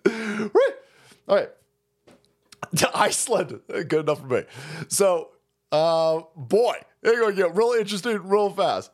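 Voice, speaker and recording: A man ranting on a livestream, foul-mouthed and excitable, laughing between his remarks. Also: high voice. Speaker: streamer.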